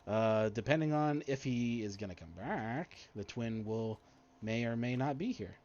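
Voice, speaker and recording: A man's voice: mid-range voice, expressive, measured pace, darkish tone, dull audio. Easygoing man running a tabletop game. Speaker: game master.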